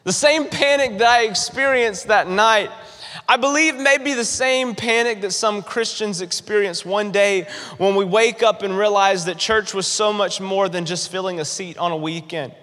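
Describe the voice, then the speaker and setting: Young male preacher, lively storyteller acting out a childhood scare, high bright voice, long hall echo. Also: moderate pace. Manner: animated storytelling, acting out his own panic. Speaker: pastor. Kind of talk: sermon with personal story.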